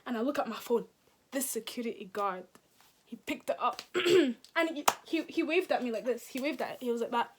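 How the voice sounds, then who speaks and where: A woman's voice: fairly high pitch, a little fast, background noise. A woman, telling a casual storytime, acting out quotes and dropping into whispers. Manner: animated, acts out quotes, drops into whispers. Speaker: vlogger.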